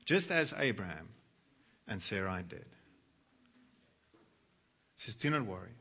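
A man preaching a sermon, reading scripture and swinging dramatically between soft, low passages and loud, impassioned ones. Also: sing-song, measured pace, slightly rough. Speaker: pastor. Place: church.

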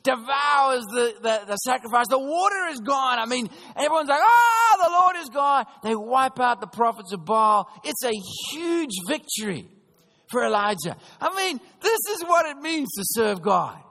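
A man preaching a sermon, telling a story in a chatty, animated way and often checking in with his listeners. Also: very high voice, moderate pace. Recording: long reverb of a large hall.

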